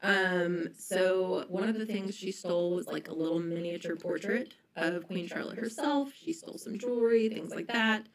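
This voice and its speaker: A woman's voice: lowish voice, moderate pace, few pauses, low-quality recording. Chatty young woman telling a story. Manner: chatty storytelling, many ums and likes. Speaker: podcast co-host telling a history story. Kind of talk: casual podcast chat.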